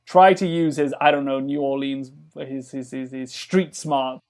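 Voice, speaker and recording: A man's voice: medium pitch, a little slow, a little mellow, smooth. A man talking casually in a podcast conversation, rambling with lots of fillers and restarts as he explains his game project. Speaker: game developer guest.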